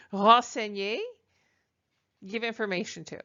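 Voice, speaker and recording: A woman teaching a French lesson at a slow, careful pace. She fills pauses with ums and uhs and models each phrase clearly so listeners can repeat it. The recording sounds a little dull and lo-fi. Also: medium pitch, bright, forceful tone.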